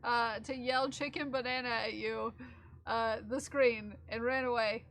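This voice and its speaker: Playful high-voiced woman streamer. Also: steady tone, unhurried, fairly bright tone, no room sound. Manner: playful, teasing, chatty. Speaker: live streamer. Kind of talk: casual chat with live chat. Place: room at home with a window.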